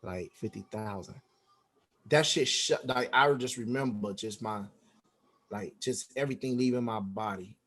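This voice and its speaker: A man's voice: fairly low pitch, unhurried. A man, a podcast guest, telling a story in a casual interview, acting out the dialogue with lots of slang and swearing. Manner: animated, acts out quoted dialogue, heavy slang and swearing.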